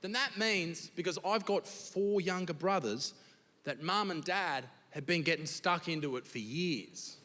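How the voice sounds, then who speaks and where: A man's voice: fairly high pitch, a little slow. Man doing stand-up in a reverberant theatre. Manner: crude, animated storytelling with crowd laughter. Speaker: stand-up comedian. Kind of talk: stand-up comedy set. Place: large old theatre on stage. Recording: long theatre reverb from stage.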